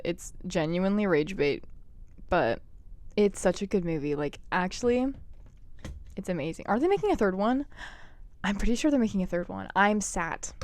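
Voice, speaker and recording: A woman's voice: medium pitch, no room sound. Gushing young woman chatting on a podcast. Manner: gushing, animated, lots of "like" and "oh my God". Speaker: podcast host. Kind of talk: casual chat.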